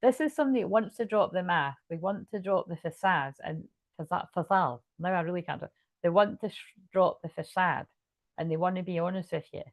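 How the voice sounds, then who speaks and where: A woman's voice: on the low side, a little fast, dry recording. A woman giving a casual tarot card reading, chatty and rambling, with restarts and swearing. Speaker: tarot reader.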